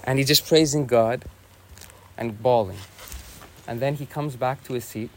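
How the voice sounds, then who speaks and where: A young man tells a story the easy way, dropping plenty of "you know" and "like" as he goes. His voice sits at an ordinary middle pitch, and a faint hiss of room ambience hangs behind it. He sounds like a monk talking to visitors indoors. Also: unhurried. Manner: easygoing, many fillers like "you know" and "like". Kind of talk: casual spoken storytelling.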